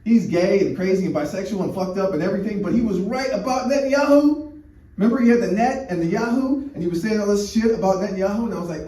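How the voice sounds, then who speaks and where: Rambling crude comedian, echoey. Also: male voice, sits high, expressive, fast talker, warm tone. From United States. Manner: crude, rambling, frequent restarts and fillers. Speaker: stand-up comedian. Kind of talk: rambling stand-up set. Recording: echoey room mic from a distance, faint noise.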